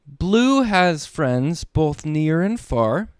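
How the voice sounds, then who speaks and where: Man, dad reading kids' books, playful sing-song read-aloud, slow and lively, dry close sound. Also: on the high side, clear, resonant tone, no echo. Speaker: children's book reader. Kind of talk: read-aloud storytelling for kids.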